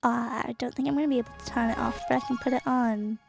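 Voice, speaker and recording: Young female streamer, bubbly and emotional; high voice with some fry, dry close sound. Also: quick pace, over music. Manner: giggly, excitable, emotional. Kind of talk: casual live-stream chat.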